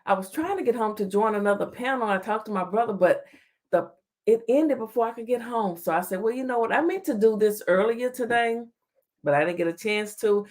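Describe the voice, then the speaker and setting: Chatty woman hosting a live stream. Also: brisk. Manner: chatty, greets viewers by name, lively swings in pitch. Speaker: talk show host. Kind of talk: late-night live commentary stream.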